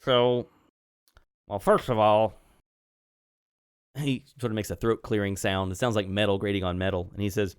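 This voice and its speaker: A man narrating calmly as game master of a tabletop role-playing game. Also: lowish voice, a little fast, few pauses, clear, resonant tone, no room sound, clean studio sound. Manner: calm, descriptive narration.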